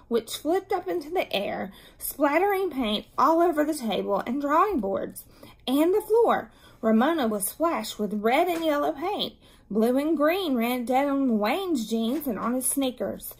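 A woman reading a children's book aloud, her voice slightly high and breathy. She narrates with lively expression, leaning into the story for young listeners. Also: rough recording.

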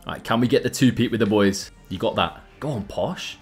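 A young man talks through his own matches, his pitch leaping up whenever a chance opens. His delivery is casual and lively, like gameplay commentary. Faint music plays quietly underneath. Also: fairly quick. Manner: excitable, jumps in pitch at big chances. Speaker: gaming YouTuber.

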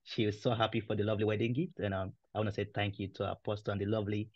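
A man, a church member, giving quick thanks over a video call with many fillers. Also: fairly low pitch, no room sound. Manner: quick, flat, filler-heavy. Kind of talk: casual thank-you. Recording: dull, lo-fi call audio.

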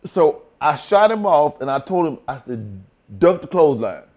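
Older guy, ex wrestler, cussing a lot, kinda high voice, tells it blunt and acts out the quotes. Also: big pitch swings, normal speed, darkish tone. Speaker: retired wrestler, interviewee. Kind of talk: profane storytelling interview.

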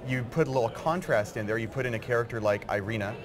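A man who writes game material, talking in a casual interview with eager, quick bursts of explanation. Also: mid-range voice. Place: busy game convention floor. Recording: loud crowd chatter behind.

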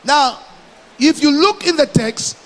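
Male pastor from Malawi, very high voice, slow emphatic sermon delivery, big church reverb. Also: lively intonation, fairly bright tone. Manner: emphatic, repeats phrases, slow deliberate preaching.

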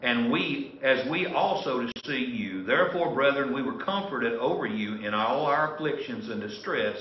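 Delivering a sermon in a church sanctuary, a male pastor rambles folksily and restarts frequently. His medium-pitched voice is animated and moderately paced, with a little hiss or hum in the background. It's a roomy, distant, dull church recording.

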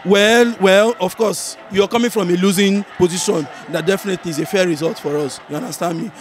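High-voiced Nigerian man arguing football. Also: a little fast. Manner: animated and argumentative, keeps asking "you understand me?". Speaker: football fan giving a match reaction. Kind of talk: heated casual football debate. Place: viewing center.

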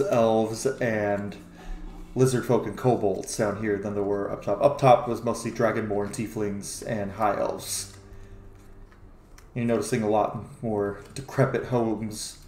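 A man from the American South narrating a tabletop game as game master in a lively storytelling way. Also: on the low side, unhurried, slight background noise. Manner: lively storytelling, laughs easily. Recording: echoey room with faint music.

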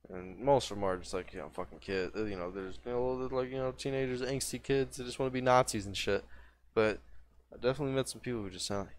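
A man in his twenties chats on a livestream in a loose, rambling way. His talk is casual and profane, full of false starts and circling thoughts. His voice sits at an ordinary mid pitch. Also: quick pace. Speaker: streamer.

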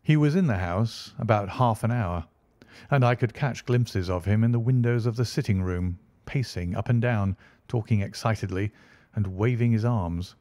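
A man narrating an audiobook in a measured storytelling delivery. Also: lowish voice, dark tone, no room sound.

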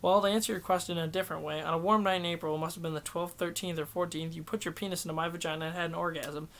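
Defiant, sardonic young woman, clipped retorts; man doing the voice in a higher pitch. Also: steady tone, racing, a bit bright, slight background noise. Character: sharp-tongued young woman, defiant and flip.

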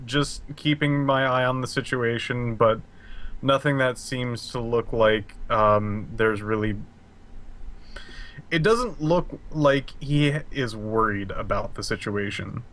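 A man's voice: medium pitch, takes it slowly, a bit bright. A man playing a tabletop role-playing game, answering hesitantly and measuredly. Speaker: player.

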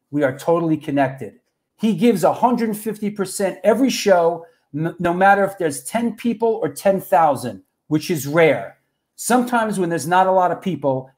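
A man hosts a casual livestream and talks straight to his viewers. His voice sits a little high. He chats loosely and throws in bro and yo. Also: a little mellow. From New York. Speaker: host.

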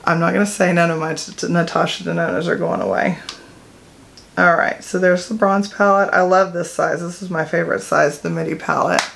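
A woman's voice: fairly low pitch, lively intonation, a little fast, creaky, a bit bright. A middle-aged woman talks through her makeup collection in a loose, rambling way. She fills the gaps with "um" and corrects herself as she goes. There is a faint hiss behind her voice. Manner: chatty, rambling, with fillers and self-corrections. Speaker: beauty vlogger. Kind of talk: casual product talk to camera.

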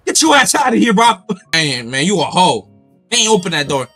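A man chatting loudly and excitably in a comedic game voice chat, full of slang. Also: high voice, a little fast. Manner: shouty, excitable, slangy, lots of "bro". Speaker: gaming video creator. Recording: music playing loudly under the voice.

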